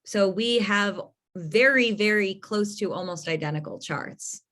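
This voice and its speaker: A woman's voice: medium pitch, measured pace, a bit bright. A young adult woman hosting an astrology podcast in an effusive, casual chat, laughing often.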